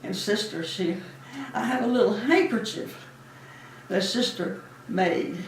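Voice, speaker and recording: Speaking at a measured pace in a mid-range voice, a woman in her eighties recalls her days as a Navy nurse during an interview. A distant mic in an echoey room picks up slight background noise, and her storytelling is warm, chatty, and full of laughter.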